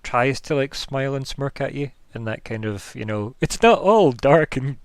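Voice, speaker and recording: A man's voice: mid-range voice, expressive, moderate pace, clean tone, no echo. Rambling man running a tabletop game. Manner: loose, rambling scene description full of hedging fillers. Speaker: game master.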